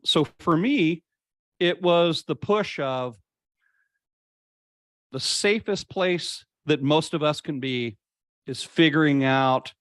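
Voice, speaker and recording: A man of middle pitch talks as an interview guest. He is earnest and reflective and drags out words when he wants them to land. The sound is dry and close, with no room echo. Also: a bit bright, clean tone. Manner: earnest, reflective, slows down to stress points. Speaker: podcast guest. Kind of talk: conversational interview storytelling.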